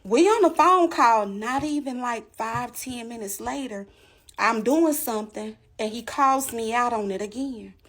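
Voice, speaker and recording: Woman storyteller, fairly high voice, emphatic and animated, addresses the audience directly. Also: measured pace. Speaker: storyteller giving a testimony. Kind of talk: casual storytelling to viewers.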